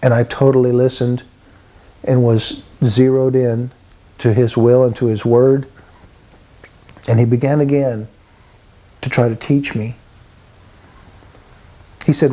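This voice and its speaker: A man's voice: mid-range voice, flat delivery, slow, long pauses, dark tone, poor audio. Earnest man in his sixties telling his story. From Texas. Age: 60s. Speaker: testimony speaker. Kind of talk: spoken personal testimony.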